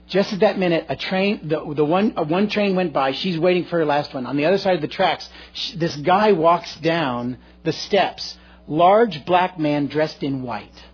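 Male pastor, middle-aged, very husky, slightly high voice, earnest sermon, dull lo-fi sound. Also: normal speed. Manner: earnest storytelling, swings between loud and hushed. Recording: dull lo-fi recording.

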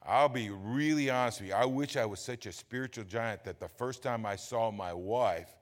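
An older man, preaching a sermon in a folksy, animated, humorous way. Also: medium pitch, moderate pace. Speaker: pastor. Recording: long hall reverb.

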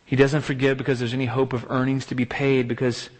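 A man's voice: medium pitch, little pitch movement, fast talker. A man preaching a sermon, emphatic, piling up repeated rhetorical exclamations. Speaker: pastor. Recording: long hall reverb.

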